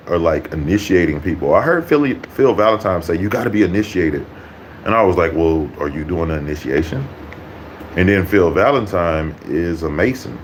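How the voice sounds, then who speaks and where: Low-voiced man ranting with heavy profanity. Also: slight background noise, rough recording. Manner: blunt, mocking, swears constantly. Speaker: YouTuber.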